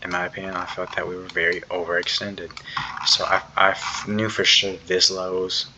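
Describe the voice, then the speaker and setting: A low, gravelly male voice at normal speed belongs to a young day trader loosely recapping his trading day from his computer, with lots of fillers and slang. The clip is a casual screen recording, slightly dull-sounding, with faint background noise.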